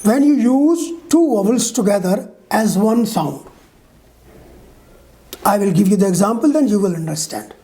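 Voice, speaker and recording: Female teacher for a pronunciation lesson, unhurried, soft mellow tone, careful modeled sounds. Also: medium pitch, lively intonation. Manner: slow, deliberate, models each sound with examples; checks in with the learner often. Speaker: English teacher.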